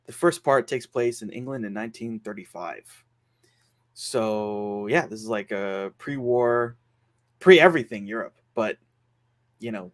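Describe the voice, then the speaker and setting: A man hosting a casual podcast, recapping a film's plot in a rambling way full of fillers. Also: medium pitch. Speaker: podcast host reviewing a film.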